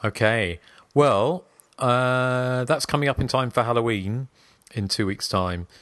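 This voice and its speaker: A man's voice: medium pitch, measured pace, fairly bright tone, no echo, studio quality. A man hosting a casual podcast chat, talking in a rambling, chatty way. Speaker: podcast host.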